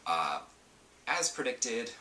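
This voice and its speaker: A man's voice: medium pitch, very animated, slow, bright, forceful tone, roomy sound, recorded from a distance, slight background noise. A man hosting a casual solo gaming podcast, chatty and rambling with lots of ums and asides. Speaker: podcast host.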